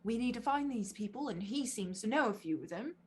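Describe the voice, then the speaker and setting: A woman's voice: a little high, lively intonation, a little fast, husky. A woman playing a tabletop game who talks in casual in-character speech and stresses her words. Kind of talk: casual in-character role-play.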